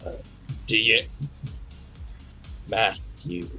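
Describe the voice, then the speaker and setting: A man playing a composed, formal male vampire in a tabletop game, measured in his speech. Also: on the low side, steady tone, bright, forceful tone, faint music behind, exaggerated voice. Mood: courteous.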